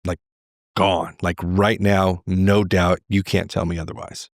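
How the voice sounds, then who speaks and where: Low gravelly man telling his story. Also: measured pace, dry recording, clean studio sound. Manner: animated, acts out quoted voices. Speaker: podcast guest, veteran. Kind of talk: candid personal storytelling.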